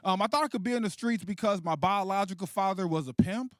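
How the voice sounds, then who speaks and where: High-voiced, animated male stand-up comic. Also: fast talker, dry recording, clean studio sound. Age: 30s. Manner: animated, profane, laughs at his own jokes. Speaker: stand-up comedian. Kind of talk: stand-up comedy set. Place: comedy stage.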